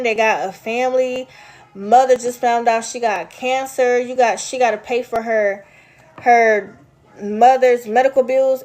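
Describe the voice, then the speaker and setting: A woman's voice: on the high side, steady tone, measured pace, a little mellow, faint music behind. A woman chatting casually with her viewers, rambling from story to story and answering their comments. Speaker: vlogger. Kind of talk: casual live chat with viewers.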